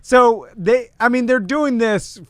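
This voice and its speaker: A man co-hosting a casual chat, laughing often and trailing off into low mumbles. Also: slow pace, clean tone. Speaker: co-host.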